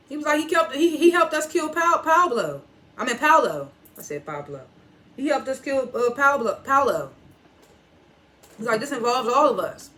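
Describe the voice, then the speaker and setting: A TV reviewer with a medium-pitched, slightly bright voice speaks AAVE while casually recapping an episode. Telling it like a story, they retell scenes line by line, quote characters using "he was like," and chuckle and react at the twists.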